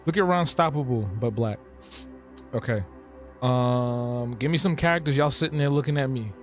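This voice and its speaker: A man's voice: mid-range voice, normal speed, soft background music. A man streaming live while he draws cartoons, joking and reacting to his chat as he thinks aloud.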